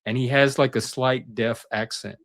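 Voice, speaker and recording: A middle-aged man with a mid-range voice speaks at a moderate pace on a talk panel. He casually tells personal stories in an animated way, acting out the voices of the people he quotes.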